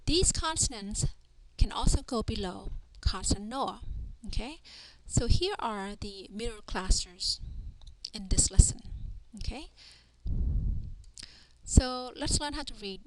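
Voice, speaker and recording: A woman's voice: fairly high pitch, expressive, slow, background noise. A woman teaching a language lesson as a voice-over, patiently sounding out syllables one by one and often checking in with "okay". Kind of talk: slow spelling-out lesson narration.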